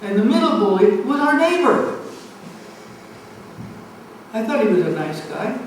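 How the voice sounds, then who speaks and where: Animated old lady in her 90s spinning a story, high voice, big echoey hall, mic way off. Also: a little slow. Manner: lively, acts out the voices in her story, laughs through it. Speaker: storyteller at a family event. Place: community center hall. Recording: echoey hall, mic far off, faint hum.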